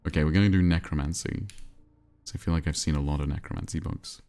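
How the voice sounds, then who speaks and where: Very low, gravelly-voiced male streamer. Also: quick pace. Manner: relaxed, rambling, reads and answers chat. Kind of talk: casual chat while playing a cozy game.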